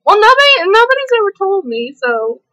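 A very high, sing-song female voice moves fairly quickly, bright and forceful, over low-quality audio. She hosts a gameplay video, keeping up hyper casual chatter as she plays, with plenty of laughter and an occasional country twang.

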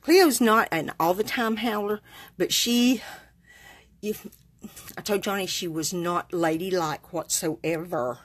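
A woman with a lowish voice takes it slowly as she demonstrates card-making live, chatting with viewers. Her talk is folksy and chatty, wandering into rambling asides.

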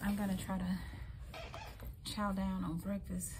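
Slow-talking woman in her forties, loud road noise. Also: medium pitch, little pitch movement. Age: 40s. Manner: earnest, prayerful, talks openly to God. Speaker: vlogger and teacher. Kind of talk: casual day-in-the-life vlog. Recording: loud car and street noise behind.

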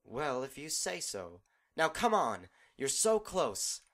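A man voicing a gentle teasing pony princess. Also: a little high, sing-song, slow pace, voice pushed up, heavily acted. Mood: encouraging.

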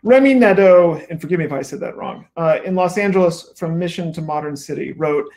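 A man's voice: on the high side, a little fast, few pauses, darkish tone. A male author reading from his own book at a bookstore event, adding wry asides. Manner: wry asides between read passages.

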